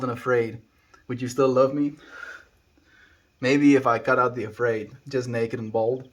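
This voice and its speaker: A young man from South Africa with a South African accent, chatting casually on a live stream as he answers viewer comments in a rambling, relaxed way. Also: medium pitch. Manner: laid-back, rambling, frequent likes and restarts.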